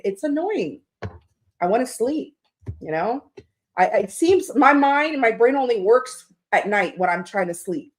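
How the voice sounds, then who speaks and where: A woman's voice: medium pitch, normal speed. A woman hosting a tarot livestream, chatting casually with viewers in a rambling, candid way, swearing now and then.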